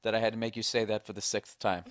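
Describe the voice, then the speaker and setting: A man's voice: fairly low pitch, level tone, fast talker, no echo, studio quality. Blunt, profane man ranting. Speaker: podcast host. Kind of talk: casual chat.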